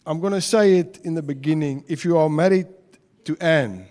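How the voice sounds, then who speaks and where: Preaching conversationally in a church hall, this Afrikaans-accented South African man jokes with his congregation and drifts between English and Afrikaans. He speaks at a moderate pace in a fairly high, darkish voice, and long reverb from the hall fills the recording.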